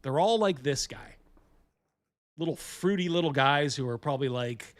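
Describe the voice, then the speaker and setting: A man's voice: a little high, lively intonation, normal speed. A man hosting a casual chat show, rambling and swearing freely. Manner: rambling, profane, laughs a lot. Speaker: host.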